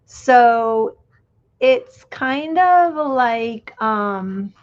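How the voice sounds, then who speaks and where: A middle-aged woman hosts a crafting livestream, chatting in an unhurried, rambling way and losing her thread as she works with her hands. Her voice sits a little high. The audio sounds dull and lo-fi. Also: expressive. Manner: chatty and reminiscing, trails off while working. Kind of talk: casual chat while crafting.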